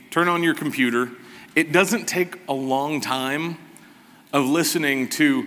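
A man preaching a sermon as pastor, slow and emphatic with a sarcastic edge. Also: on the high side, sharp tone, big-room sound.

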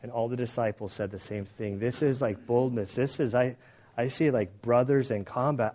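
A man's voice: mid-range voice, moderate pace, dull audio. A man preaching a sermon conversationally, reading scripture aloud and commenting on it in plain everyday words. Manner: conversational preaching, grows loud and animated. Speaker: pastor.

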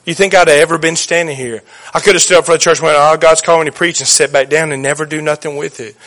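Folksy preacher with a bright voice. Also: male voice, fairly high pitch, steady tone, fast talker. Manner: folksy, joking, emphatic preaching. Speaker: pastor. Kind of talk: sermon.

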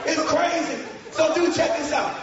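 A man telling a funny story to an audience of students, animated and mocking, shouting for effect. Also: very high voice, normal speed. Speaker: speaker to students. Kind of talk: comic storytelling to a live audience. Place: large hall with an audience. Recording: echoey hall from far off, muffled, crowd.

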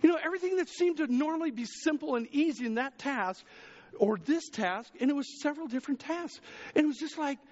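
A man preaching a sermon as pastor, chatty with the congregation, jumping to loud exclamations and dropping to hushed asides. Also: animated, a little fast, long reverb tail, lo-fi sound. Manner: conversational preaching, swings between raised exclamations and hushed low asides.

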